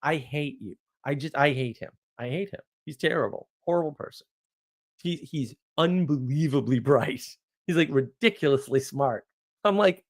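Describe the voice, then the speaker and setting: An American man in his forties telling rambling stories in a casual monologue, sarcastic, with mock outrage and animated asides. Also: fairly high pitch, moderate pace. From United States. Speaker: podcast host.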